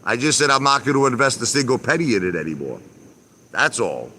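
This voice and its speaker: A man's voice: mid-range voice, very animated, brisk, pushed and bright, slight background noise. A man live-streaming from his backyard by a pool, ranting casually, repeating himself with emphasis and mild swearing. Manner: repetitive, emphatic, mildly profane.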